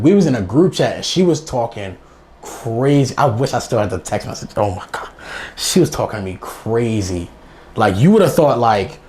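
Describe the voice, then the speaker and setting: A young man telling a funny personal story in slangy, rambling casual speech, laughing often as he goes. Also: medium pitch. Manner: animated, laughs through the telling. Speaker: guest storyteller.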